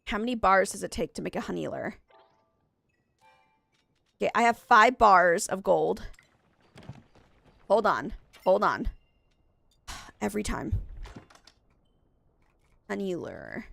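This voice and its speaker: A woman's voice: medium pitch, sing-song, slow pace, gravelly, pauses often, a bit bright, dry recording. A young woman live-streaming a game, chatting with viewers in a rambling way and correcting herself often, with a stuffy nose. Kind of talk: casual live-stream chat.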